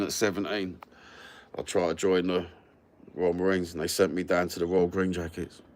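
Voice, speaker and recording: A man's voice: low-pitched, darkish tone, a little hiss or hum. A man with a London accent chatting casually with live viewers on his phone, blunt and sweary, full of banter. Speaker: livestream host.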